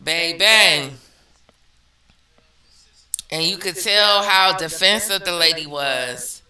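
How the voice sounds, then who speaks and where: Bright, blunt woman vlogger with slangy emphatic delivery, recorded off-mic in a roomy space. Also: on the low side, slow, distant mic. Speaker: vlogger reacting to viewer comments. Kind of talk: casual commentary. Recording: echoey room, off-mic.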